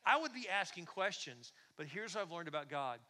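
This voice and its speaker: A male pastor delivering a lively, conversational sermon. His voice is very bright and sits a little high. It carries through the long reverb of a large church hall. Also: fairly quick. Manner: conversational, animated, asks the congregation questions.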